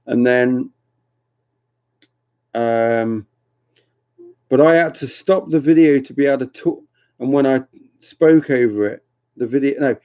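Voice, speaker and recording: A mellow, mid-range male voice belongs to a livestream host who chats casually with viewers, rambling as he reads comments, teases them, and often laughs. The audio is dull lo-fi home stream sound.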